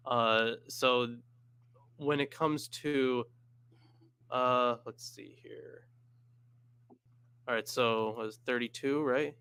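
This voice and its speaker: A man's voice: mid-range voice, steady tone, slow pace, long pauses, pushed and bright, smooth. A man on a discussion panel, thinking aloud and hesitating while he looks up references. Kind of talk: casual discussion.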